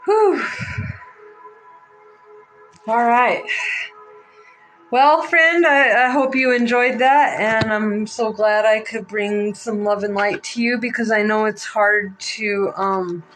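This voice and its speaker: Slow, emotional woman reading tarot. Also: a little high, steady tone, a bit bright, soft background music, poor audio. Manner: slow, emotional, halting with many fillers. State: near tears. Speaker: psychic reader. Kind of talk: live-streamed tarot reading.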